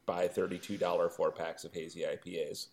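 Deep-voiced blunt crude man. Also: level tone, brisk, darkish tone. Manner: blunt, crude, mock-stern. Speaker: podcast co-host. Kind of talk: casual chat.

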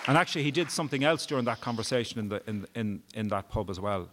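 Guy with a lowish voice, candid and emotional, swears a fair bit, live show guest. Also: lively intonation, fast talker, a bit bright, a faint crowd, a little hiss or hum. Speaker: interview guest. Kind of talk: personal storytelling. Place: live event before an audience.

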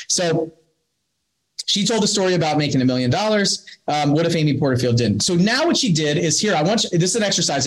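A man's voice: fairly high pitch, rough recording. Male host, thirties, upbeat and repetitive, lightly raised voice. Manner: energetic, rambling and repetitive, with animated retold quotes. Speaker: host of an online coaching call. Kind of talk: motivational talk to a live online audience.

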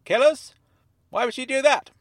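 A brusque, chain-smoking investigator who barks his lines high and loud, as a male narrator puts him on. His voice jumps well above the narrator's own, lively and sharp, read dry and close. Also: a little fast, dry recording. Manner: sharp and forceful, raised voice. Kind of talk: audiobook character voice.

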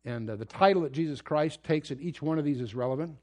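Male Bible teacher, fairly high voice, emphatic lecturing delivery with frequent restarts. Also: quick pace, warm tone. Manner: earnest, emphatic, with restarts and asides. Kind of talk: verse-by-verse Bible study lecture.

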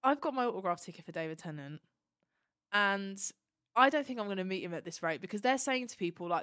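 A woman co-hosting a fan podcast, telling a long story in a gushing, animated way and swearing casually. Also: medium pitch, fast talker, dry recording, studio quality. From Turkish heritage. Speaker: podcast co-host. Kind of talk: casual chat.

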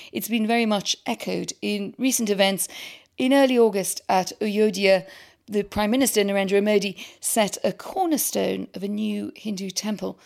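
A woman's voice: mid-range voice, gravelly, darkish tone. A woman hosting an interview, asking probing, articulate questions. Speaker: interviewer host.

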